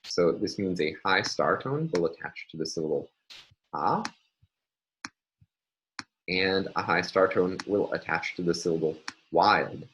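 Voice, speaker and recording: A man lecturing, explaining step by step in a measured way with frequent fillers. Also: low voice, animated, fairly bright tone, a little hiss or hum, rough recording. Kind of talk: recorded university lecture.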